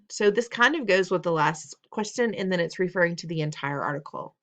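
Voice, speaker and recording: With a lowish voice, lively intonation, and a brisk pace that leaves hardly any pauses, this woman teaches a recorded test-prep lesson. She patiently takes students through reading test questions, going over steps again, asking questions, and teasing them in fun.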